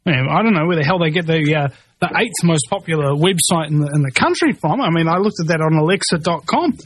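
A man's voice: fairly high pitch, animated, fast talker, husky, no room sound. A man ranting angrily in a rambling monologue, swearing and restarting his sentences as he reacts to a news article. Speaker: commentator reading news.

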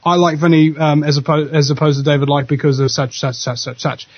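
A man's voice: fairly high pitch, flat delivery, brisk, dry recording, highs cut off. A man hosting a radio show, chatting casually and jokily, rambling with stammered restarts. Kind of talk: casual podcast chat.

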